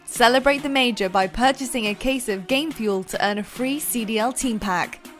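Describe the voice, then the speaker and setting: A woman reading a scripted sponsor announcement in a smooth, even promotional delivery. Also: fairly high pitch, normal speed, soft background music. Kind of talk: scripted ad read.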